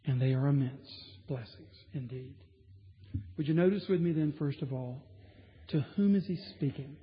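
A man's voice: mid-range voice, moderate pace. A man preaching a sermon from the pulpit, emphatic and building intensity with repetition. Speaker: pastor. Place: large church sanctuary. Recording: dull sound with long hall reverb.

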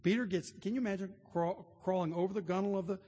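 A man's voice: sits high, racing, warm tone, husky. A man preaching a sermon, telling stories earnestly and building to emphatic points. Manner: earnest storytelling, rising to emphatic. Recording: long hall reverb.

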